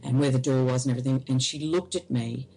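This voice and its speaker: A woman, an interview guest, recounting a personal experience in halting, hesitant speech. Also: very deep voice, steady tone, warm tone, rough recording.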